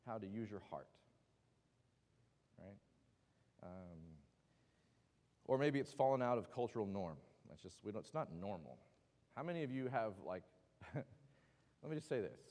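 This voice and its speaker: A man leads a Bible class in a church meeting room, chatty and joking, full of side comments. His slightly mellow, lowish voice carries a big-room sound.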